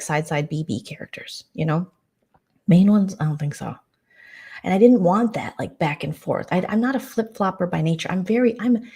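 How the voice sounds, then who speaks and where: A woman vlogger rambles through a casual late-night chat, full of fillers and restarts. Her voice sits a bit low, with a soft, mellow tone. She sounds relaxed and low key. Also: slightly rough.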